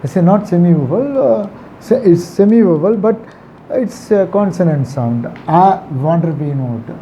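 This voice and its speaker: A man teaching a grammar lesson, talking slowly and repeating the key words to stress them. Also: sits high, animated, mellow. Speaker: English teacher. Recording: slightly dull recording with faint traffic behind.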